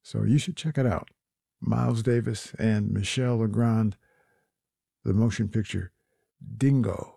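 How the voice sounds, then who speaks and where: A man hosting a jazz radio show, back-announcing the tracks in a relaxed way with frequent fillers. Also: fairly low pitch, measured pace, gravelly, pauses often, husky, dry recording, clean studio sound.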